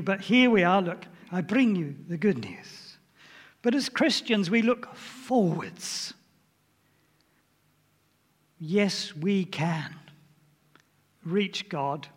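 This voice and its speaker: A man's voice: sits high, takes it slowly, long pauses, a bit bright, big-room sound. An older man giving an informal sermon in a chatty way, often putting questions to his listeners. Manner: chatty, asks the audience questions. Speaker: preacher.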